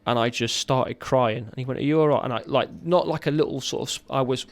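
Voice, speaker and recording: Brief: man, 30s, gravelly voice, candid halting storyteller, mid pitch. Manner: raw, earnest, halting with restarts. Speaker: podcast guest, ex-serviceman.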